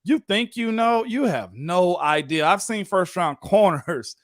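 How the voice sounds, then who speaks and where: A man co-hosting a casual sports talk show as a former pro football lineman, talking in an animated, folksy way. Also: high voice, measured pace, dry recording, clean studio sound. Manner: animated, folksy, repeats "you know what I'm saying".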